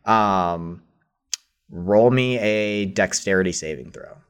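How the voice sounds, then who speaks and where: Man, lowish voice, game master narrating a tabletop session, loose and filler-heavy. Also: slow, clean tone. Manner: casual, hesitant narration with many fillers.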